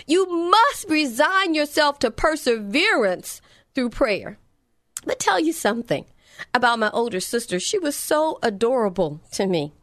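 A middle-aged woman preacher with a high voice that swoops up and down. She speaks fervently and warmly, in the manner of a heartfelt sermon. The recording is close and dry. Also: no echo.

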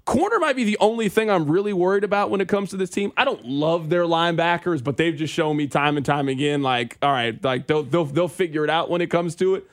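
Man, sports radio host, opinionated, emphatic, slightly high voice. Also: a little fast, hardly any pauses.

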